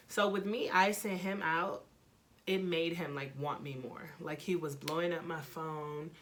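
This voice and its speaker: A young woman vlogger telling a dramatic personal story, animated and full of profanity. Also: lowish voice, moderate pace. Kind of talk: storytime vlog.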